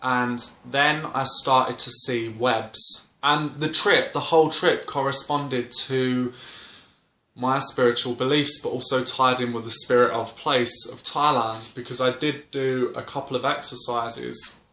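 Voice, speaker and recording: A young man with a bright, sharp voice tells a casual story straight to camera. He rambles, restarts and leans on fillers as he goes. The room around him sounds noticeably echoey. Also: mid-range voice, fairly even intonation, a little slow. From Britain. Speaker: vlogger. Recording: roomy indoor echo.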